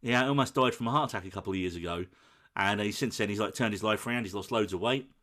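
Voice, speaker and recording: A man's voice: fairly low pitch, fast talker. Chatty man retelling a film. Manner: animated storytelling, acts out quoted lines. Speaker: podcast co-host. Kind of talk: casual film chat.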